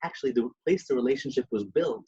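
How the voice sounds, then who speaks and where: This podcast co-host has a medium-pitched, dark voice and talks fast and expressively. In a casual religious discussion, he tells stories with many restarts and Yiddish terms, captured on dull lo-fi audio.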